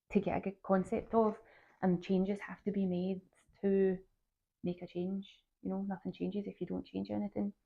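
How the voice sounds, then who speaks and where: A woman's voice: mid-range voice, gravelly. A woman hosting her own podcast, talking earnestly and encouragingly straight to her listeners. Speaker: podcast host and health coach. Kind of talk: solo podcast talk. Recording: tinny phone-like sound.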